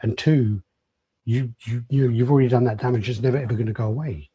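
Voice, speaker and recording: A man's voice: mid-range voice, fairly even intonation, fast, dark tone, husky, dry recording. A man co-hosting a casual podcast who reasons aloud, often restarting and repeating words. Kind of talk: casual chat.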